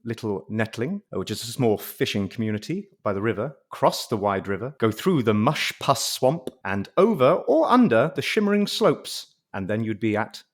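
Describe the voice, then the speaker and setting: An English man runs a tabletop adventure, narrating with a lively voice that swings up and down. He talks quickly and laughs easily between descriptions. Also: lowish voice. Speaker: game master.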